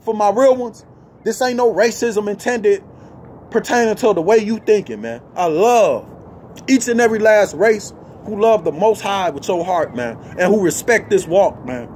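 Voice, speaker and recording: A man's voice: high-pitched, lively intonation, moderate pace, a little mellow, a little hiss or hum. A man vlogging in an agitated, emphatic rant, emotional and tagging most lines with "man". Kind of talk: heated ranting monologue.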